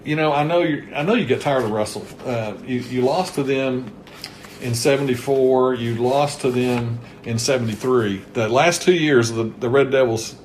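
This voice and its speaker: A man with a Kentucky accent hosts a relaxed sports history interview. He chats along in a mid-range voice, piling up scores and yardage. A faint hum sits under the talk. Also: medium pitch, normal speed. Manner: chatty, reels off season statistics. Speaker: host interviewing a former coach.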